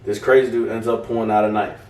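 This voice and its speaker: A man's voice: fairly low pitch, fast, faint music behind. A young adult man co-hosting a podcast, telling a story in casual chat, swearing freely and acting out the voices of people in it. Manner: animated, swearing, acts out quoted voices. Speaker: podcast co-host. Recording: roomy, distant mic.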